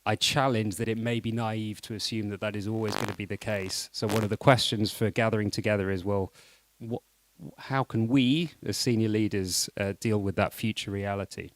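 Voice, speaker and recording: A man giving a fluent, measured and persuasive talk at a conference. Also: on the low side, steady tone. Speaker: conference speaker.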